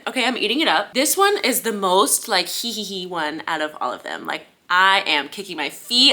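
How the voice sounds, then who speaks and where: A woman's voice: mid-range voice, lively intonation, fairly quick, few pauses, pushed and bright. A young woman chatting casually in a reading vlog, gushing and bubbly, with lots of "like" and "y'all". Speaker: book vlogger.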